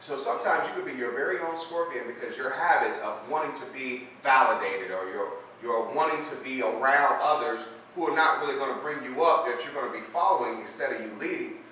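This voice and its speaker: A man's voice: mid-range voice, brisk, hardly any pauses, sharp tone. A man speaker telling a parable and drawing a life lesson, conversational, with many fillers. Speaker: motivational speaker. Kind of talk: storytelling lesson. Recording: echoey room, distant mic, faint noise.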